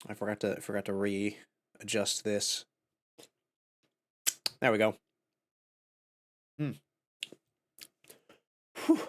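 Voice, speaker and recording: A man streaming a game live, chatting casually in a goofy, giggly, excitable way. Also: fairly low pitch, extremely slow, pauses often.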